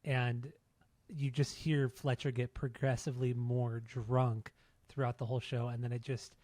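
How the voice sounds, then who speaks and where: A man's voice: mid-range voice, little pitch movement, moderate pace, darkish tone, dry recording. Laid-back man, profane, dry close mic. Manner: loose, profane storytelling with frequent laughs. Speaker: podcast co-host. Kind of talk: casual chat.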